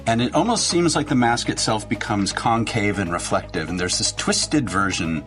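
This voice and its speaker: A man playing a tabletop game, describing his character's actions slowly and deliberately. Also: lowish voice, animated, over music. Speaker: player.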